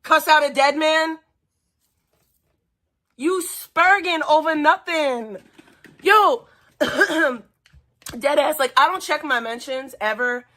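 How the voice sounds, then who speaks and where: A woman's voice: high voice, slow pace, pauses often, pushed and bright. A woman ranting profanely and taunting someone on a home livestream. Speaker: streamer. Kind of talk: angry livestream rant.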